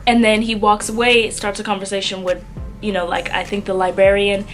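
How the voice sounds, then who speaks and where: A young woman telling a story in a casual vlog, chatty and animated. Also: medium pitch, fairly quick, faint music behind. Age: young adult. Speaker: vlogger.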